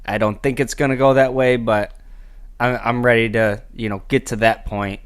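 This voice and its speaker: A man co-hosting a casual podcast chat, speaking in a laid-back, measured way with fillers. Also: medium pitch, fairly even intonation, clean tone. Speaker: podcast co-host.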